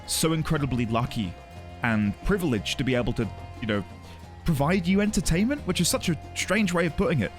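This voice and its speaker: A male live streamer talks openly to his audience, his pitch swinging widely as he greets viewers. He comes across as earnest and emotional, often circling back on his words. Soft music plays faintly underneath. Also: lively intonation, a little fast. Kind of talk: casual chat with a live audience.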